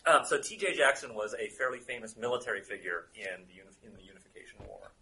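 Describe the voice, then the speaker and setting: A man runs a tabletop role-playing game in easy, chatty talk, stopping now and then to hunt for a word. His pitch swings freely. His tone is bright and forward. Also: lively intonation, fast, poor audio. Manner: chatty, stops to search for words. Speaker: game master.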